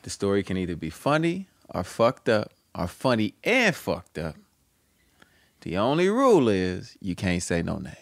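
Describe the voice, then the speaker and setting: A man's voice: fairly low pitch, huge pitch swings, normal speed, vocal fry, no echo. A man co-hosting a podcast, bantering casually and introducing a segment. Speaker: podcast co-host. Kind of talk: casual chat.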